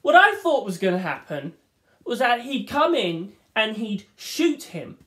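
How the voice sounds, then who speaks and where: A woman's voice: fairly high pitch, unhurried. Swearing, rambling woman reviewer. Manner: animated, swears freely, acts out scenes. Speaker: film reviewer. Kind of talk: rambling casual monologue.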